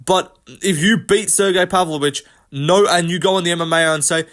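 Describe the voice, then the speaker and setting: A man's voice: high voice, steady tone, fairly bright tone. Brash, profane young man ranting about fights. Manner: profane, rapid, brash slang-heavy ranting. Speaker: host. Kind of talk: MMA commentary rant.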